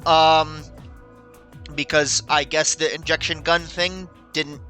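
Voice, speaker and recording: A man's voice: fairly high pitch, little pitch movement, slow pace, bright, forceful tone, soft background music. A man hosting a casual let's-play, laughing often and stumbling over restarts. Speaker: host.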